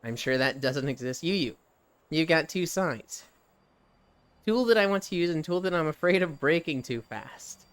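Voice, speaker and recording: A live streamer chatting casually while walking on a treadmill, reading chat aloud and telling stories with lively animation. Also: mid-range voice, moderate pace, smooth, no room sound. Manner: reads chat aloud and riffs, animated storytelling.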